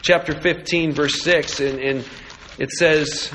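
A man's voice: on the high side, steady tone, slow, sharp tone, a little hiss or hum. A man preaching a sermon in an earnest way, building intensity on key points and turning to prayer. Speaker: pastor.

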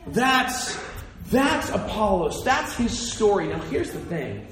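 A man preaching a sermon, animated and playful, speaking directly to his listeners. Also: sits high, slow pace, a crowd in the background. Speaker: pastor. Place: church hall. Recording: echoey hall with faint room noise.

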